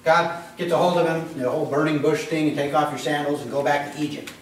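A man's voice: a little high, steady tone, quick pace, hardly any pauses, heavy reverb, far from the mic, a little hiss or hum, rough recording. A man preaching a sermon as pastor, talking conversationally, quizzing the congregation and acting out voices. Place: church.

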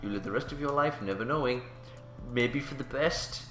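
A man's voice: medium pitch, normal speed, fairly bright tone, reverberant, soft background music. A man casually commentating a game, playful and jokey, swearing and reacting as he plays. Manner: playful, jokey, swears, does silly voices. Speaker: let's play host.

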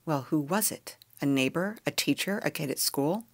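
A woman's voice: sits low, lively intonation, normal speed, no echo. A woman reading aloud and voicing a shocked, distraught mother questioning her daughter over the phone.

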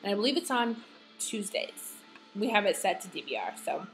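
A woman's voice: mid-range voice, sing-song, normal speed, a bit bright, faint music behind. Chatty rambling woman vlogger. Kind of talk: casual monthly favorites vlog.

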